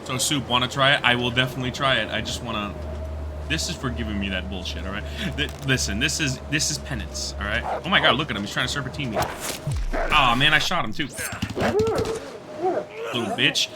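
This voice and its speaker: A man's voice: mid-range voice, fairly quick, noisy background. Profane man chatting on a game stream. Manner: loose, profane, laughing banter with chat. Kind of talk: casual gaming livestream chat.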